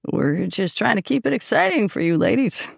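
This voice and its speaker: A cocky wartime pilot played by a woman keeps his voice low and steady while reassuring people. The recording is dull and lo-fi with a dry, close feel. A gravelly edge runs under it. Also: moderate pace, no room sound, exaggerated voice.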